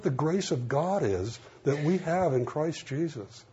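A man's voice: fairly high pitch, expressive, unhurried, mellow, breathy edge. A middle-aged man preaching a sermon in a folksy, conversational way, acting out the dialogue in his stories. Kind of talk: sermon with storytelling. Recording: dull lo-fi sound with faint hiss.

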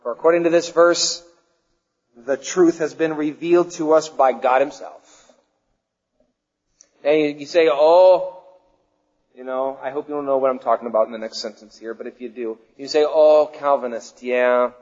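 A man preaching a sermon to his congregation, swinging between loud declarations and hushed, slow questions. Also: mid-range voice, fairly even intonation, long reverb tail, highs cut off. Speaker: pastor.

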